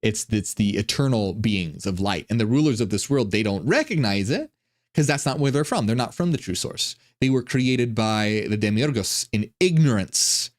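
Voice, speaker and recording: A man giving casual, irreverent commentary on ancient texts, animated and full of stumbling restarts. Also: fairly low pitch, moderate pace. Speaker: online religion commentator.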